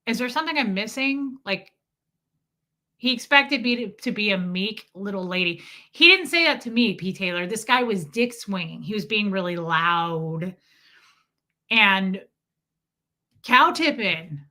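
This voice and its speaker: A woman's voice: medium pitch, expressive, a little slow, bright, forceful tone. A woman from the US Midwest hosting a casual live stream, chatting sarcastically with viewers. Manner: sarcastic, ranting, throws in mocking impressions.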